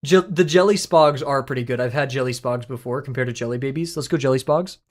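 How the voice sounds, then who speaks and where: A streamer talks fast in a medium-pitched voice, chatting excitedly and casually with viewers. He laughs a lot and swears freely as he reacts to chat.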